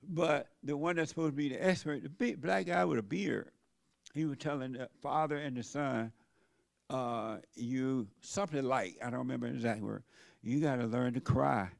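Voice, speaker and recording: A man's voice: mid-range voice, normal speed, gravelly, no echo. An older man preaching a sermon in a plain-spoken, folksy way, asking his listeners questions. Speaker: pastor.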